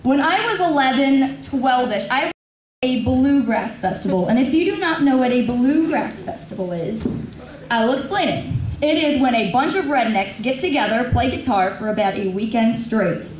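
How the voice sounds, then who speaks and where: A woman's voice: high-pitched, moderate pace. A teenage girl doing stand-up comedy for a class, telling stories with lots of acted-out quotes. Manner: animated storytelling with acted-out quotes. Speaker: student comic. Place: school drama class room. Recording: echoey room, far from the mic, audience laughter.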